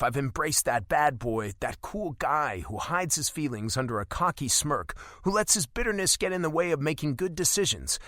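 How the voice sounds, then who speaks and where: Male audiobook narrator, first-person romance; expressive and emotional, bright, animated delivery. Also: medium pitch, no echo, studio quality.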